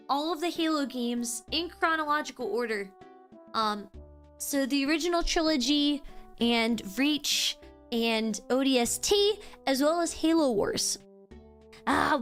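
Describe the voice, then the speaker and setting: A woman live-streamer chatting casually with her viewers, bubbly and excitable, breaking into squeals. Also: high-pitched. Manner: bubbly, squeals and sing-song greetings.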